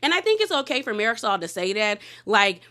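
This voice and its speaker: A woman's voice: mid-range voice, big pitch swings, fairly quick, sharp tone. A woman giving a casual, sassy recap of a reality show, chatting and calling people "girl". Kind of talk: casual commentary.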